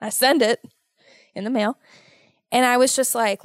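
Woman podcast host, casual solo talk, animated and worried, slow pace, dry recording. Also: on the high side, no echo. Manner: animated, worried, exaggerated motherly fretting.

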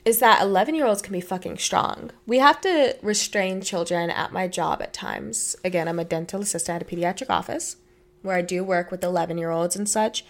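A woman's voice: lowish voice, fairly quick. A young woman co-hosting a podcast, reading stories aloud and chatting in a blunt, matter-of-fact way with casual swearing. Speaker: podcast co-host.

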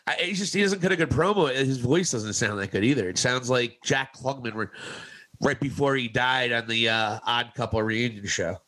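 A man's voice: medium pitch, moderate pace, bright, forceful tone. A man co-hosting a casual wrestling review podcast, joking, swearing and riffing loosely. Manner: jokey, mimics people in goofy voices, swears freely. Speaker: podcast co-host.

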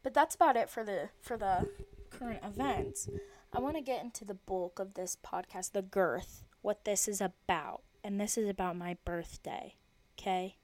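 A woman's voice: medium pitch, normal speed, darkish tone, a little hiss or hum. Chatty young woman podcasting solo. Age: 20s. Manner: chatty, rambling, jokey asides. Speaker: podcast host. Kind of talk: casual solo podcast chat.

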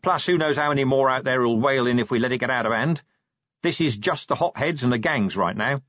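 A man voicing a weary, gruff middle-aged police commander with a dry, sardonic manner. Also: medium pitch, brisk, a bit bright, no room sound, lightly acted. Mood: firm. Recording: dull dry audiobook recording.

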